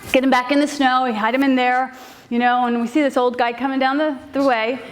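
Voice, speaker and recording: Speaking briskly in a high voice, this woman shares a personal story before a live audience, keeping it animated and casual and using lots of fillers.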